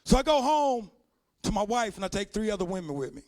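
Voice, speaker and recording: A man performing a loud, profane stand-up comedy set on a club stage. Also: high-pitched, big pitch swings, fairly quick. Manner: loud, profane storytelling with put-on voices.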